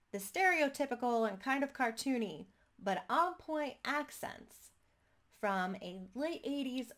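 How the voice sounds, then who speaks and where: A woman in her thirties talking to camera in an upbeat, chatty way, giving tabletop gaming tips in quick bursts. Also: a little high, a bit bright. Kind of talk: casual talk to camera.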